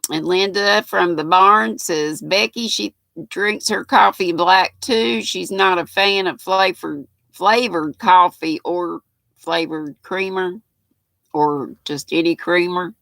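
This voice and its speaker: An older woman, speaking slowly in a bright, gravelly voice. She chats in a homespun way, reading out viewers' comments and greeting them one by one. The sound is dry and close. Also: lowish voice, dry recording. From North Carolina, US. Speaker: livestream host. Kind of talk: casual chat, reading out live chat comments.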